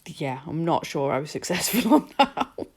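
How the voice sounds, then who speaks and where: Woman, nail art vlogger; low-pitched and slightly gravelly, chatty, self-deprecating, rambling. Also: big pitch swings, moderate pace. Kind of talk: casual voice-over tutorial.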